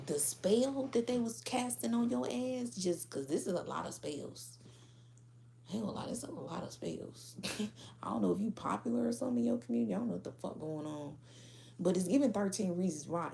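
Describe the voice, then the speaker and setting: Woman tarot reader, AAVE slang, dark warm tone, faint hiss behind. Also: medium pitch, creaky. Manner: blunt, profane, laughing, slangy. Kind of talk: casual tarot reading to viewers.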